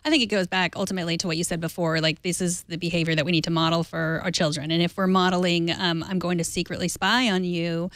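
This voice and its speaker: A woman hosting a tech news show, walking through stories in a loose, chatty way with a dry sense of humor. Her voice sits on the low side for a woman. The sound is close and dry, with no room echo. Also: fast talker, few pauses. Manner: relaxed, chatty news delivery with light humor. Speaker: host.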